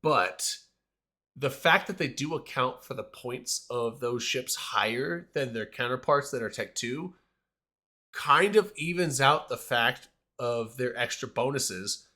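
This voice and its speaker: A man's voice: mid-range voice, lively intonation, takes it slowly, bright, forceful tone. A man hosting a casual panel discussion, talking in a hesitant, rambling way with many restarts.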